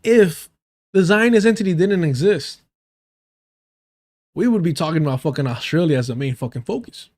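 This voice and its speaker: The voice is on the high side and darkish, lively in intonation, moderate in pace, with long pauses. This man hosts a livestream, speaking right to his chat with sarcastic, foul-mouthed reactions.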